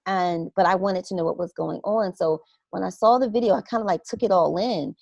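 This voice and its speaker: A woman's voice: fairly low pitch, fairly quick, gravelly, slightly rough, no room sound. Earnest woman telling a story, dry sound. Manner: animated, acts out her own inner reactions; earnest and reflective. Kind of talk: casual conversational storytelling.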